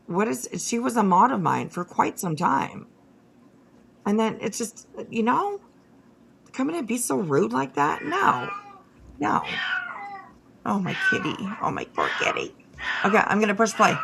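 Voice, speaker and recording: A woman's voice: fairly high pitch, animated, normal speed, creaky, background noise. A woman hosting a casual livestream, talking straight to her viewers in a blunt, profane rant full of restarts. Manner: many fillers and restarts, talks to chat. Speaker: livestream host.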